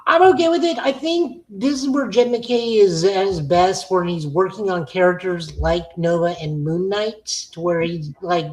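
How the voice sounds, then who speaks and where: A woman's voice: on the low side, moderate pace, hardly any pauses, poor audio. A woman co-hosting a podcast, giving opinionated casual takes with lots of fillers. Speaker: podcast co-host. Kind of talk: casual chat reviewing comics.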